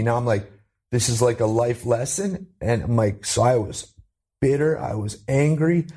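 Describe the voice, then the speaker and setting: A man from Canada telling his life story as an interview guest, earnest and animated, lifting his voice when he quotes people. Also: normal speed, husky. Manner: earnest, acts out quoted voices with rising pitch.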